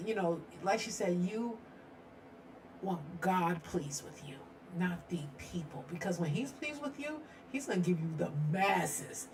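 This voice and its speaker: A woman's voice: mid-range voice, unhurried, fairly bright tone, a little hiss or hum. A middle-aged woman hosting a casual true-crime live stream from her home studio, chatty and rambling, laughing often.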